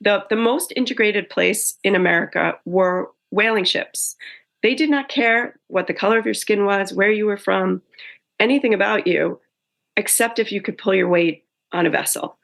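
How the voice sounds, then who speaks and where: A woman's voice: medium pitch, moderate pace, vocal fry, fairly bright tone. A woman author in a casual interview, telling her story in a chatty way and often correcting herself mid-sentence.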